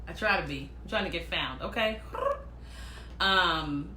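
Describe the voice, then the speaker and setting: A woman chatting casually and telling personal stories, animated and quick to act out what other people said. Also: fairly low pitch, echoey room, slight background noise. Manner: animated, acts out quoted voices, laughs often. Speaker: speaker sharing personal stories. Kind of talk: casual storytelling monologue.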